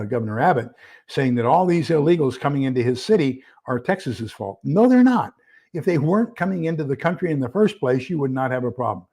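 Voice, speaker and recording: A man's voice: medium pitch, darkish tone, slightly rough. A man hosting a casual live stream, rambling with many fillers as he reads a document aloud and fumbles with screen sharing. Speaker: livestream host.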